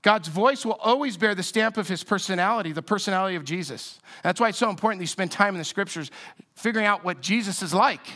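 A man's voice: high voice, quick pace, bright, forceful tone. A man preaching a sermon in a conversational, reflective way with frequent restarts. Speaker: pastor.

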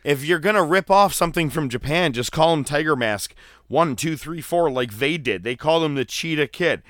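A man co-hosting a casual podcast, recapping wrestling with animated, mock-dramatic storytelling. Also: a little high, moderate pace, no room sound, studio quality. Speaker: podcast co-host.

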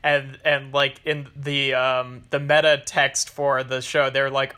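A man's voice: medium pitch, flat delivery, slow, few pauses, bright, forceful tone. A man co-hosting a podcast, rambling along in casual chat and swearing freely.

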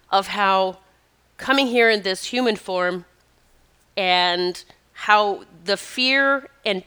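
A woman's voice: medium pitch, pushed and bright, clear, resonant tone. A middle-aged woman talking as a spiritual advisor in a casual, chatty monologue, emphatic and prone to tangents.

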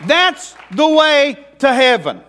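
A man's voice: very high-pitched, sing-song, slow pace, pushed and bright, some chatter behind, slight background noise. A middle-aged man preaching a sermon in a folksy, emphatic way as pastor.

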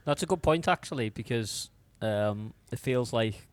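A man's voice: medium pitch, expressive. A man on a football podcast panel, teasing the others and giving his opinion on upcoming games. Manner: teasing, then measured analysis. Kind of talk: casual chat and football analysis.

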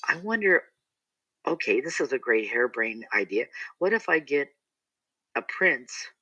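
A man's voice: mid-range voice, big pitch swings, unhurried, long pauses, sharp tone, breathy edge, no room sound, lo-fi sound. A middle-aged man, an entertainer, telling a rambling story in a casual interview with many restarts and asides.

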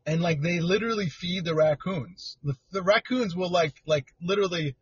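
A man's voice: sits high, moderate pace, dull audio, slight background noise. A man in a casual chat, telling a story in a hesitant, rambling way. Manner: hesitant, rambling, lots of fillers.

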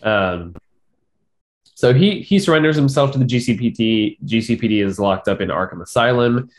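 A man's voice: lowish voice, lively intonation, normal speed. A man co-hosting a casual film review chat, blunt and sarcastic, often repeating himself and using fillers. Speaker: film review podcast co-host.

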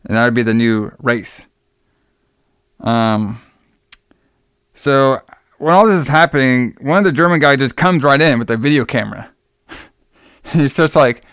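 Young guy rambling through a movie plot, swears a lot, smooth clear voice, dry close sound. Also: medium pitch, a bit bright, no room sound. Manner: profane, loose storytelling with quick voiced asides for characters. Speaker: podcast co-host recapping a movie. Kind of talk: casual chat, plot recap.

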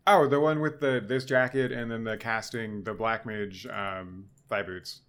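A man's voice: on the low side, fairly even intonation, a little slow, fairly bright tone. A man co-hosting a casual podcast, telling stories in a rambling way with many restarts and casual swearing. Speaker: podcast co-host.

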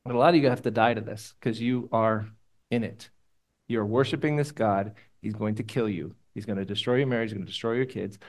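A male pastor delivering a sermon, moving between loud exhortation and quiet, hushed prayer. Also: lowish voice, brisk. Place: church room with congregation.

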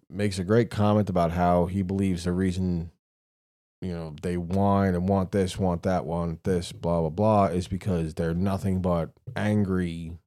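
Low, dark-toned man as a podcast co-host; profane, ranting, mocking. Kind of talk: casual chat.

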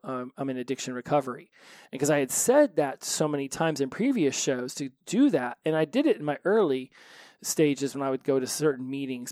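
A man's voice: medium pitch, a little mellow, no echo, clean studio sound. A man hosting a solo recovery podcast, talking earnestly and animatedly, often repeating phrases for emphasis.

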